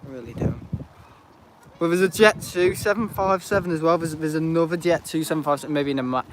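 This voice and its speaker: Man, slightly high voice, rambling casual live-stream chat, outdoors, faint traffic noise behind. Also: fairly quick. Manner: rambling, chatty, laughs often, reads out chat. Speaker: planespotting livestreamer. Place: outdoors at an airport viewing park in the rain. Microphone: handheld tablet.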